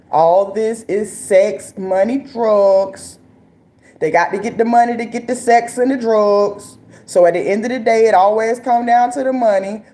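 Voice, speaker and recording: A woman's voice: mid-range voice, dark tone. A woman with ranting about politics in loose, profane comic riffs. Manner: loose, profane and riffing, with slang and rhetorical asides. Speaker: commentator. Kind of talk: comedic political rant.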